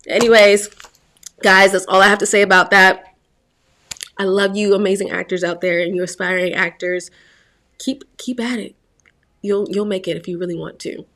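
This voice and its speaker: Woman, 20s, from Virginia, low-pitched, casual vlog talk, rambling, under the weather. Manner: rambling, repeats words, laughs often. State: unwell. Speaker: vlog host.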